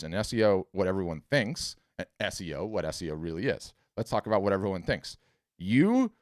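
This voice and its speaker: A man with a very deep, low voice hosts a live webinar and answers viewers' questions. He talks bluntly and emphatically, with animated asides. The sound is close and dry, with no room echo.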